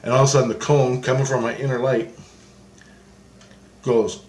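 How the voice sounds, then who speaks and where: Man, mid-pitched voice, meandering story, frequent restarts, roomy echo. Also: level tone, moderate pace, darkish tone, slight background noise. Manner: meandering, restarts often, repeats phrases. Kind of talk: rambling first-person account of a spiritual vision.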